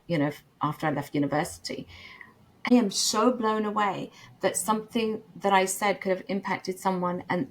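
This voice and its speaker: A middle-aged woman telling a personal story in casual chat, laughing often and acting out the voices she quotes. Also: medium pitch.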